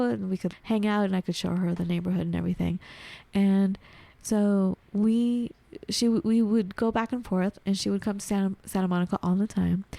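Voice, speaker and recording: A woman tells a personal story on a podcast with a gravelly, mellow voice. She talks animatedly, slips into the voices of people she quotes, and scatters filler words throughout. Her voice is recorded dry and close. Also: medium pitch, no room sound. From United States. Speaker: podcast guest. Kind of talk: conversational storytelling.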